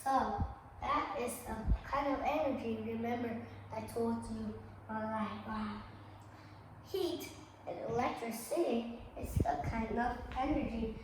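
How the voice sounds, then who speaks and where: A woman teacher leading a classroom lesson, speaking slowly and checking in with "okay?" and "right?" after nearly every phrase. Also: a little high. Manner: slow, repeats "okay?" and "right?" often, non-native grammar. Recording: echoey room from far off with noise.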